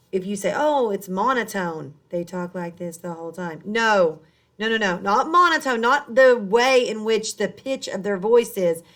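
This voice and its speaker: A woman teaching a recorded high school English lesson into her computer mic. She explains at an everyday pitch, stopping to reword and check in with her students. The tone stays plain and instructional. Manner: explanatory, rephrases as she goes.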